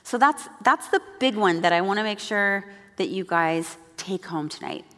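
Woman, devotional storyteller, animated, mid-pitched voice, long hall echo. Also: moderate pace. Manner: animated, acts out quoted voices. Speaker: speaker at a church gathering.

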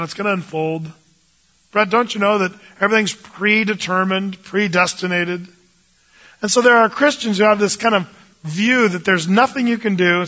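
A man's voice: high voice, pushed and bright, highs cut off. A man teaching the Bible in a casual, jokey way, acting out the voices of biblical figures.

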